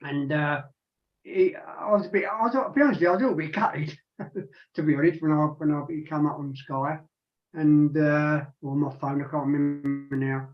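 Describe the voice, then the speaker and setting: A man's voice: on the high side, steady tone, moderate pace. A man in his sixties chatting casually on a radio show, rambling with lots of restarts and asides. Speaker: regular panelist. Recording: dull lo-fi sound.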